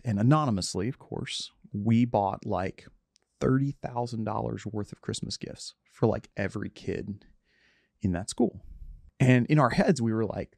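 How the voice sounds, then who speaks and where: Middle-aged guy in a reflective chat, earnest, restarts a lot, warm dark tone. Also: mid-range voice, animated, normal speed, gravelly, no room sound. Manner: earnest, self-searching, often trails off and restarts. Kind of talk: reflective conversation.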